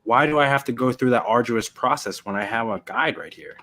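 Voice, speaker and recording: A man co-hosting a casual livestream chat, telling an anecdote with lively acted-out voices. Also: mid-range voice, fairly quick. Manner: animated storyteller, acts out voices in anecdotes.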